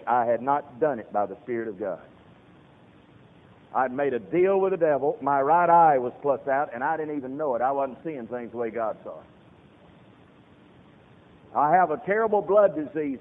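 A man preaching a sermon as a pastor, swinging from hushed talk to loud shouted peaks. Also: mid-range voice. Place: church sanctuary. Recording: tinny lo-fi sermon recording in reverberant hall.

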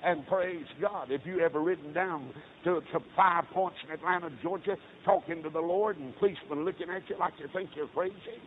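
A middle-aged Baptist preacher, telling stories in a sermon and swinging from low talk to loud shouted peaks. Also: male voice, a little fast. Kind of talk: storytelling sermon. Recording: tinny lo-fi recording with faint hiss.

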